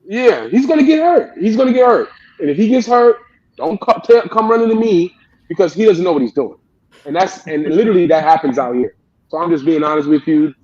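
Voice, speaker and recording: A man in his late thirties, a youth football coach appearing as a guest in a casual interview, talks animatedly and rambles with many restarts. His voice sits high and expressive, a little fast, with a darkish tone and the highs cut off.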